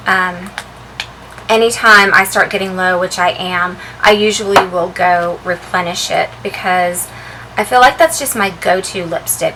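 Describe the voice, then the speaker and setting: A woman vlogger chatting casually as she shows the contents of her handbag, relaxed and full of ums and uhs. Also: mid-range voice, a little hiss or hum, poor audio. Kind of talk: casual show-and-tell vlog.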